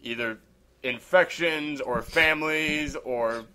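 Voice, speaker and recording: A man's voice: on the high side, takes it slowly, sharp tone. A man hosting a casual podcast chat, rambling and joking, with a habit of saying "anywho". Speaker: podcast host.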